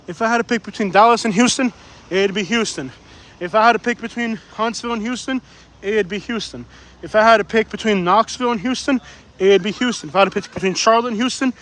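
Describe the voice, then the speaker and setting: A man's voice: sits high, fairly bright tone. A man live-streaming from a beach while walking, talking in an opinionated, emphatic way and getting out of breath. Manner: opinionated, emphatic, repeats himself. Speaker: livestream vlogger. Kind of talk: casual live-stream chat. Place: beach outdoors.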